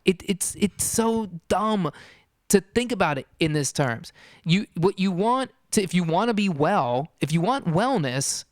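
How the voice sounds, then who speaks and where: A man's voice: a little high, clean tone, no echo, studio quality. A man, perhaps in his forties, hosting a podcast in a blunt, sarcastic, profane rant. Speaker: podcast host. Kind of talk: casual ranting monologue.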